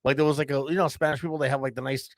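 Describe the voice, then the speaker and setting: Man, mid-range gravelly voice, loose profane storyteller, dry close mic. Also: medium pitch, steady tone, very fast, no room sound. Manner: profane, says "bro" constantly. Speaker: podcast co-host. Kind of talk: casual storytelling.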